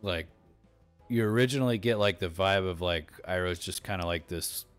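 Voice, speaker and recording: This is a man with a very low, deep voice, talking loosely on a home-recorded discussion podcast. He circles around his points with fillers and restarts, and faint music sits behind him. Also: moderate pace, smooth. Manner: rambling, filler-heavy, many restarts. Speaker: podcast host. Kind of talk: casual chat. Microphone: desktop mic through streaming software.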